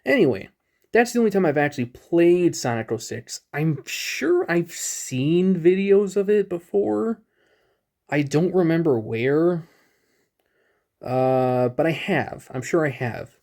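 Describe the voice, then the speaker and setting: A man's voice: on the high side, animated, slow pace, a little mellow. Rambling, self-mocking young man. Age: 20s. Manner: rambling, self-deprecating, chuckling. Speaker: YouTuber reacting to his old videos. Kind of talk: casual gaming commentary.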